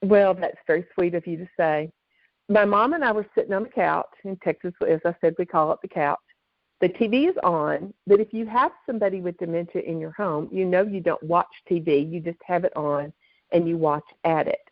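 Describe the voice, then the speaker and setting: A woman, a guest author, telling lively stories during an interview, on a dull, dry recording. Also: fairly low pitch, brisk, dry recording. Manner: animated, lively storyteller. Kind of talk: storytelling in an interview.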